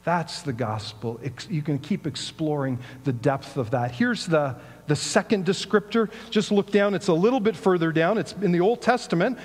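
A man's voice: on the high side, normal speed, few pauses, long reverb tail. A man giving a sermon in a conversational storytelling way, asking rhetorical questions. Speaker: pastor.

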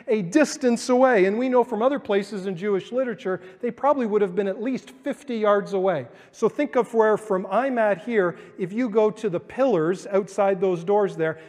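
High-voiced preacher guy, church sanctuary with long echo, chatty sermon, does little voices for quotes. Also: a little mellow. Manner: reads scripture then explains it conversationally, acting out quotes. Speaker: pastor.

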